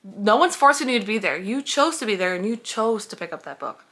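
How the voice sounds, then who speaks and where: A woman's voice: mid-range voice, expressive, brisk, fairly bright tone. A young woman reviewing books in a casual vlog, heated and sarcastic, swearing freely as she reacts. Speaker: book reviewer.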